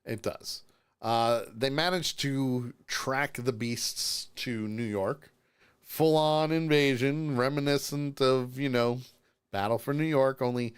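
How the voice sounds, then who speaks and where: A worn-out man, co-hosting a live-streamed podcast from home, runs through a show in a relaxed recap, acting out lines and often laughing as an animated storyteller. His mid-range voice is clean in tone and slow-paced.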